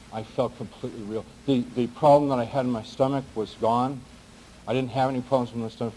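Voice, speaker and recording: Earnest man, halting personal testimony. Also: mid-range voice, mellow, slight background noise, low-quality recording. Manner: earnest, halting, with frequent restarts and pauses. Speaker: speaker recounting a near-death experience.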